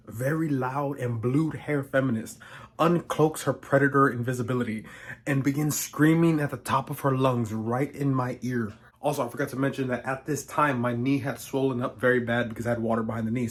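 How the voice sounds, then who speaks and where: A young man telling a storytime vlog with sarcastic, profane humor. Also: mid-range voice. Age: young adult. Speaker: vlogger.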